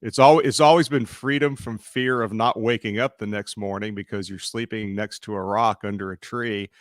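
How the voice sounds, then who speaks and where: A man's voice: lowish voice, steady tone, moderate pace, no room sound, clean studio sound. A middle-aged man hosting a casual chat, rambling and hesitant with blunt swearing.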